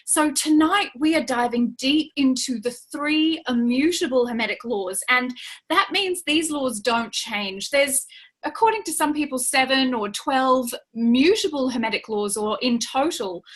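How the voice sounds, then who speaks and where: A woman hosting a live spiritual webinar from home, greeting viewers warmly by name. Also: on the high side. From Australia. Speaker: webinar host, spiritual teacher. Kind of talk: live online webinar talk.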